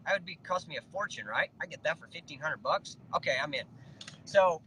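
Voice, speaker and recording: A man casually telling an animated personal story, quoting the people he talked to. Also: a little high, brisk, a little hiss or hum, poor audio. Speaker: network marketing distributor. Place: Facebook Live broadcast.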